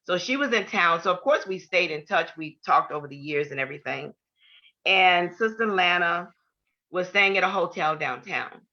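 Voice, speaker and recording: Bright-voiced older woman telling her story. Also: on the low side, animated, moderate pace. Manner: earnest storytelling, repeats for emphasis. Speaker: guest. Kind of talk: personal testimony in an interview. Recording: dull lo-fi podcast audio.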